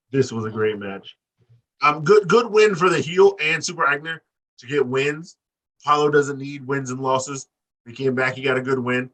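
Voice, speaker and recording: A man co-hosting a wrestling podcast, talking in loose, profane banter with big animated swings in his voice. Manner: animated, profane, acts out quotes with big pitch jumps. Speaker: podcast co-host. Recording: distant mic.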